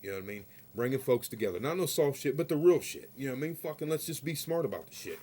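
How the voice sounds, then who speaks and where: A man in the middle of a heated vlog rant, his voice neither high nor low. He rambles through his story, swears freely and keeps checking in with his listeners. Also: expressive, fast, dark tone. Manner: peppers talk with "you know what I mean". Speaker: vlogger.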